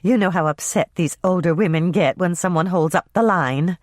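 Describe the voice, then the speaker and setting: An audiobook narrator voicing Carrie, a fretful older woman who gossips, in a higher, fussy voice. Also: normal speed, no room sound, studio quality, lightly acted. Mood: fussing.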